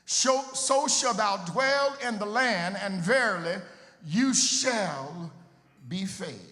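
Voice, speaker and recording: High-voiced preacher in a reverberant sanctuary. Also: male voice, lively intonation, slow pace. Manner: sing-song preaching cadence that builds to shouting; repeats words and phrases for emphasis. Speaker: pastor. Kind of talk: sermon. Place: church sanctuary. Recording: long hall reverb with faint music.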